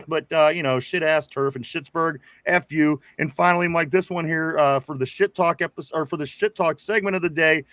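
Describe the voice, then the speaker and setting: A man's voice: a little high, fairly bright tone, dry recording. Profane, easygoing male sports podcaster. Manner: loose and profane, laughing, addresses co-host often. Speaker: podcast co-host reading viewer comments. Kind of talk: casual sports podcast chat.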